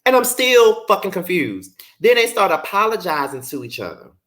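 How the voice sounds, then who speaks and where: A man's voice: high voice, big pitch swings, normal speed, a bit bright. A man casually reviewing a reality show, exasperated and profane, often incredulous. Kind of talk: casual commentary vlog.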